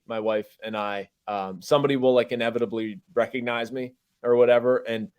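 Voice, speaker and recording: A man co-hosting a sports podcast as a journalist, telling stories in a quick, modest way full of "you know". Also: mid-range voice, a little mellow. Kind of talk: casual sports podcast chat.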